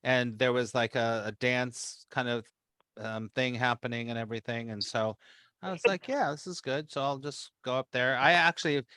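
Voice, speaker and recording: Bright, animated man telling a story. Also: medium pitch, normal speed, smooth, no echo, clean studio sound. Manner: animated, acts out his own reactions in quotes; rambling with frequent restarts. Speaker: spiritual teacher leading a meeting. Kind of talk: casual storytelling to a group.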